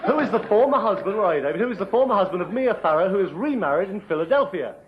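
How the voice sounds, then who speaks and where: A man's voice: high-pitched, animated, racing, a faint crowd. A man hosting a comic quiz show in front of a live audience, mock-insulting and flustered, ad-libbing as he goes. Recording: lo-fi 1980s TV broadcast, loud studio audience and noise.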